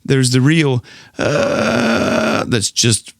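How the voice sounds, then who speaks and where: A man's voice: medium pitch, drawn-out words, dry recording, studio quality. A man working as a vocal coach, teaching a singing lesson in a friendly, explanatory way and laughing often.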